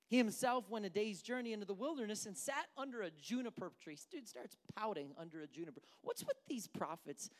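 Animated, conversational preacher. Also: mid-range voice, fairly quick, few pauses. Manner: animated, conversational, acts out characters. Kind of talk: sermon.

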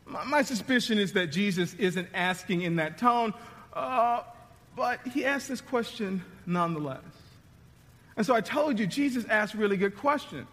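Male pastor, light high voice, chatty preaching that drops to near-whispers, echoing church hall. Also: expressive, normal speed. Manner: conversational, dramatic preaching with sudden drops to hushed tones. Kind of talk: sermon.

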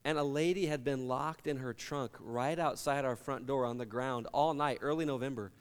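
A middle-aged pastor preaches a sermon in a mid-range, steady voice at a moderate pace, smooth and trailed by a long reverb. He tells personal stories with humor, acting out the voices of the people in them.

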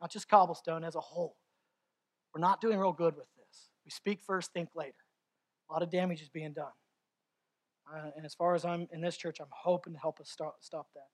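A man preaching a sermon as pastor, candid and confessional, building at times to near-shouting passion. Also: on the high side, steady tone, brisk.

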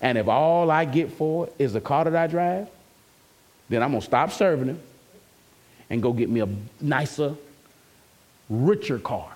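A man's voice: a little high, animated, normal speed, pauses often, a little mellow. A man preaching an emphatic, conversational sermon as a pastor and calling out to his congregation.

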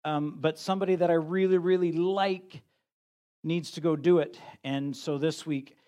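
A middle-aged pastor preaching to his congregation in a loose, conversational way. He pokes fun at himself and often restarts his sentences. His voice sits a little higher than most men's. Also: fairly even intonation, normal speed, warm tone, clear, resonant tone. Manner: conversational, self-deprecating preaching with frequent restarts. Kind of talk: sermon.

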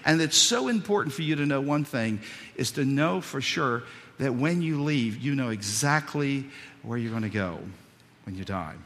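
A male pastor preaching a sermon, telling a story with many repeated words, swinging from loud to hushed. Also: mid-range voice, expressive, moderate pace. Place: church sanctuary. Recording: long reverb of a church hall.

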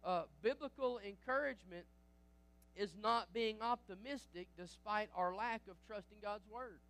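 A man preaching a sermon as pastor, lively, with frequent restarts and asides to the congregation. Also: sits high, moderate pace.

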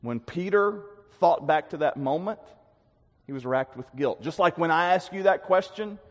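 A man preaching a sermon, earnest and dynamic, with emphatic swells and quiet drops. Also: on the high side, animated, moderate pace. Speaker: pastor. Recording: long hall reverb.

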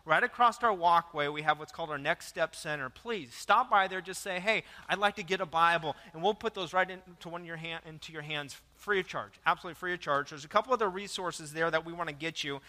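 Male pastor, high and punchy, animated storytelling sermon, long church echo. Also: fast, hardly any pauses. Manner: animated storytelling with repeated words and jokes. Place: church sanctuary.

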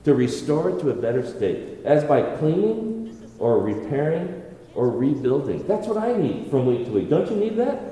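A man's voice: medium pitch, mellow. A man preaching a sermon as pastor, earnest, stopping to restart phrases and asking the congregation rhetorical questions. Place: church hall. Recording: echoey hall with long reverb.

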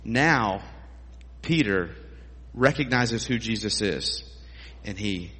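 A man's voice: lowish voice, expressive, takes it slowly, fairly bright tone, breathy edge, long reverb tail. A male pastor preaching a sermon in a conversational, emphatic way, asking his listeners rhetorical questions.

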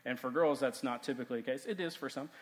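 A man in his thirties, a youth pastor, giving a casual, animated sermon full of stories and "like" fillers. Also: mid-range voice, quick pace. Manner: animated, chatty, heavy use of "like". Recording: long hall reverb.

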